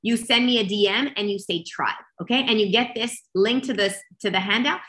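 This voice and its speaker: Woman guest coach, expressive and emphatic, quick restarts; roomy sound. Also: medium pitch. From Canada. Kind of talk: energetic coaching talk.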